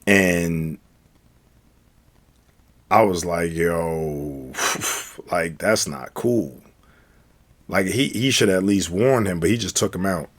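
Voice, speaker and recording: A young man with a fairly low voice tells a night-out story in a relaxed, casual way. He is animated and keeps acting out the other people's lines with quick shifts in voice.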